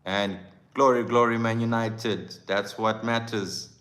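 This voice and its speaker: A man's voice: lowish voice, steady tone, unhurried, a bit bright. A man hosting a live football fan stream, talking passionately and chattily and greeting viewers by name. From South Africa. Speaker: football channel host.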